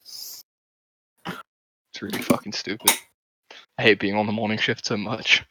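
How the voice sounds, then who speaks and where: A man's voice: fairly low pitch, flat delivery, slow pace, pushed and bright. A man playing a tabletop game over a voice call, weary and rambling, swearing about his job. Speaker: player. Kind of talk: casual chat over a voice call. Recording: dull dry mic on a call.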